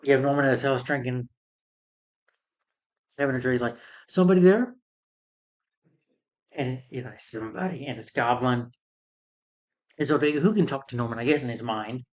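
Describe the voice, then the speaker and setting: A man's voice: medium pitch, fairly even intonation, a little fast, pauses often, dull audio. A man giving a casual spoken film review. He retells the plot in a loose, rambling way and acts out the characters' lines as he goes.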